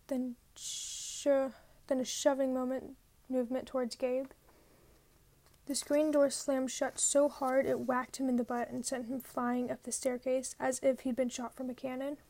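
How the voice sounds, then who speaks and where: Her voice sits high but has a dark tone. She's an amateur audiobook reader narrating a first-person novel, now and then tripping over words and fixing them.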